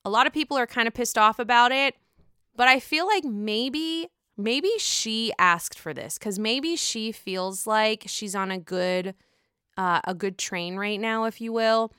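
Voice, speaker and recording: Woman, casual vlog recap, gossipy, swears a lot, bright voice, dry close sound. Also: mid-range voice, clean tone, no echo. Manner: gossipy, profane, animated reactions. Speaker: reality TV recapper.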